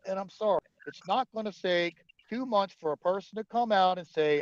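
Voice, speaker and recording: A man on a livestream rants and argues with his viewers, swearing hard at every turn. His voice sits a little high. The sound is dry and muffled, like cheap stream audio. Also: expressive, moderate pace, dry recording. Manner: profane, angry, argumentative. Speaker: livestream host. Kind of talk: heated livestream rant.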